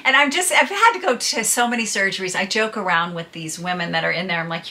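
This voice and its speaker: Bright-voiced chatty woman vlogger. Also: mid-range voice, fast, few pauses. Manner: chatty, candid, laughs through hard news. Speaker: podcaster and vlogger. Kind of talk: casual personal storytelling to viewers.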